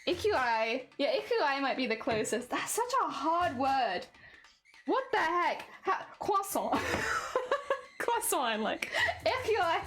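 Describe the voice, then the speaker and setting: A woman's voice: high-pitched, very animated, slow, fairly bright tone, a little hiss or hum. A young woman streaming casually, chatting and giggling with her viewers while she crafts at home. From Britain. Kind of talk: casual live-stream chat.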